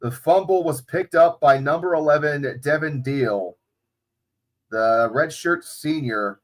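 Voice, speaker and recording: A man with a slightly high voice talks slowly as he hosts a livestream recorded on a phone. He chats casually and off the cuff, swearing freely.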